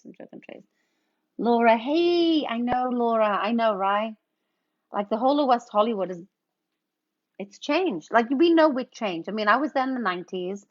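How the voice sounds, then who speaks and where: A middle-aged woman casually chatting and greeting viewers while she mixes cocktails on a livestream. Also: high-pitched. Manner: chatty, playful, reads out viewer names. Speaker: livestream bartender host. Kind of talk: casual livestream chat while mixing drinks. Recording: dull lo-fi stream audio.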